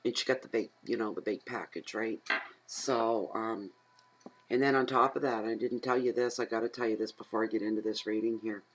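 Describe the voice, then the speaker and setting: A woman's voice: very deep voice, fairly quick, poor audio. Rambling chatty tarot reader, a woman. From Atlantic Canada. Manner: rambling, easily excited, talks aloud to herself. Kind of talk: casual chatty tarot reading.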